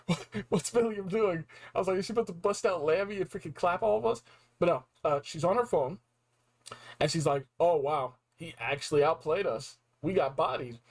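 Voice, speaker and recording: Excited young man recapping a game. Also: a little high, poor audio. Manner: animated, slangy, acts out reactions. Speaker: game reviewer.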